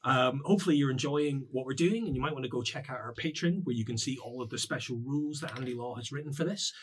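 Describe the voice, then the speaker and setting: A man's voice: medium pitch, fast, husky. A man hosting a show, giving a casual promotional outro with fillers. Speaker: show host.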